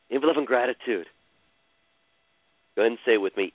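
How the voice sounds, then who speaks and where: Calm man guiding a healing session. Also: mid-range voice, no room sound. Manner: slow, soothing, repeats phrases. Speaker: healer guiding a caller on a radio show. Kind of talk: guided emotional healing session. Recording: dry, tinny phone-like radio sound.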